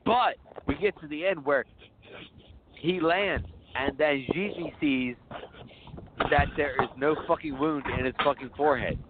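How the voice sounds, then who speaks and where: A man's voice: fairly high pitch, measured pace, background noise. A man co-hosting a casual horror film podcast, rambling and swearing freely as he recaps scenes and often laughs. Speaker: podcast co-host. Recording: phone-like, narrow sound.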